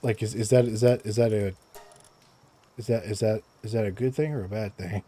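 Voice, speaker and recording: Casual streamer, young man, low voice, mellow tone, stumbles over words, laughs a lot. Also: fairly quick, a little hiss or hum. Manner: stammers and repeats words, laughs often. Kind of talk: casual live-stream chat while gaming. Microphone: close desk microphone.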